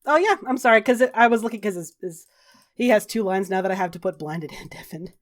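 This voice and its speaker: A woman serving as game master runs a tabletop game, narrating and calling rules briskly with casual fillers. Her mid-range voice is expressive.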